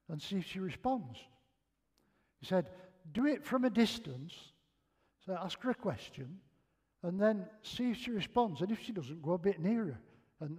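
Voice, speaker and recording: An older man with a Northern English accent, preaching in a chatty, self-mocking way and acting out the lines of his own stories. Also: sits high. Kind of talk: humorous sermon storytelling. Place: church hall.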